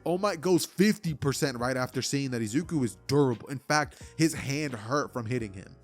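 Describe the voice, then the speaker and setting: A man's voice: medium pitch, lively intonation, normal speed, soft background music. A man casually narrating a fan what-if story, rambling with lots of fillers.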